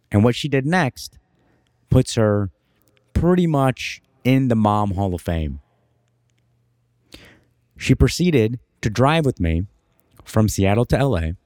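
A young man co-hosting a podcast, telling a personal story in an animated, emphatic way. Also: mid-range voice, no echo, clean studio sound. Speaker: podcast co-host. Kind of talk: casual storytelling.

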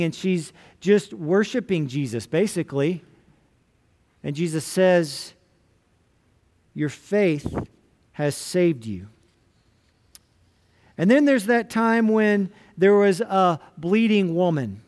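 A man's voice: high-pitched, darkish tone. A man pastor giving a sermon, retelling scripture in casual, everyday storytelling words.

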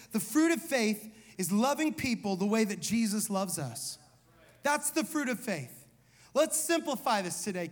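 Chatty, high-voiced man preaching a sermon. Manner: conversational, fillers like "like" and "you know", punchy repeated questions. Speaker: pastor. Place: church hall.

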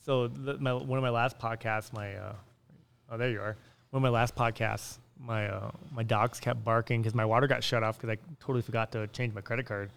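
Smooth-voiced rambling podcast host, a man. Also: mid-range voice, steady tone, a little fast. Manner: rambling, restarts sentences often. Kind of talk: casual chat.

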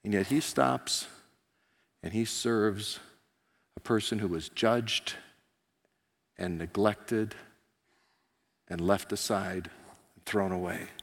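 A man preaching a sermon as pastor, telling the story in an animated way and acting out the characters. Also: takes it slowly, pauses often. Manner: animated storytelling, voicing characters with rising pitch and volume. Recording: long hall reverb.

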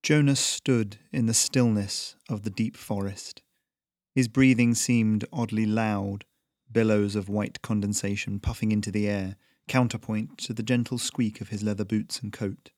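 A man reading a story aloud in a slow, measured narration. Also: lowish voice, steady tone, a little mellow, dry recording, clean studio sound.

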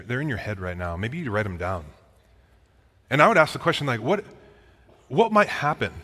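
A man preaching a sermon in a conversational way, asking his listeners direct questions and sometimes dropping to a quiet voice for a personal story. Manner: drops into a quiet, low voice when telling a personal story. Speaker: pastor. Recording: long reverb of a large hall.

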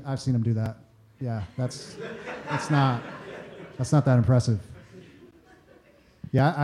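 This male pastor's voice sits a little high and sounds mellow. His sermon is conversational, and he frequently performs quoted voices and repeats words at the start of sentences.

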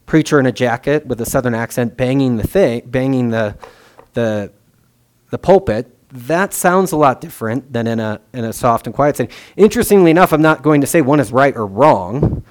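A man's voice: mid-range voice, animated, normal speed. A young man giving a conversational sermon as a pastor, musing aloud with many fillers and restarts.

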